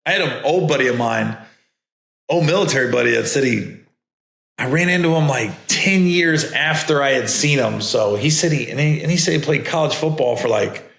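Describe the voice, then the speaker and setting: A man's voice: mid-range voice, vocal fry, a bit bright. A man hosting a podcast, telling casual, rambling stories and mimicking other people's voices. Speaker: podcast host and comedian. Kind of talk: casual storytelling. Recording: echoey room.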